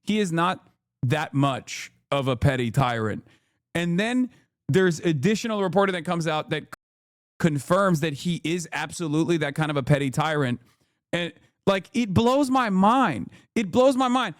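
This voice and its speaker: A male streamer commenting casually on the news, animated and incredulous, talking in quick asides. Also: fairly high pitch, no echo, clean studio sound. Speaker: streamer and host.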